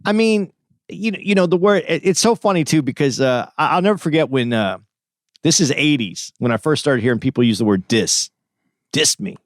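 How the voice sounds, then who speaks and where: A man's voice: fairly high pitch, animated, brisk, no room sound. Man reminiscing in a dry podcast chat. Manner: reflective storytelling, many restarts. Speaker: podcast co-host.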